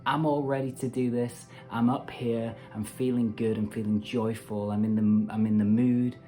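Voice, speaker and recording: A man's voice: mid-range voice, flat delivery, moderate pace, dark tone, soft background music. A man hosting a meditation channel, talking casually and animatedly to camera with playful asides. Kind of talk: casual self-help talk to camera.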